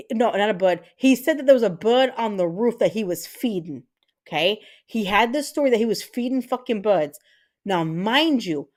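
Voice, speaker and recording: A woman in her thirties hosting a live stream, chatting casually and telling stories with lots of swearing. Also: on the high side. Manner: animated, profane storytelling. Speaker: livestream host.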